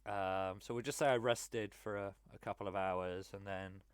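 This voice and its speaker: A man's voice: on the low side, steady tone, normal speed, clean tone, dry recording. A man, playing a tabletop game casually and speaking for his character in a chatty way with frequent fillers. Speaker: player.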